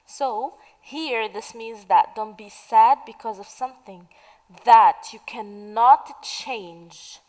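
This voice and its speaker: Slow, patient woman teaching idioms. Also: fairly high pitch, darkish tone, big-room sound, poor audio. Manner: slow, patient, asks questions and answers them. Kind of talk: slow explanatory lesson narration.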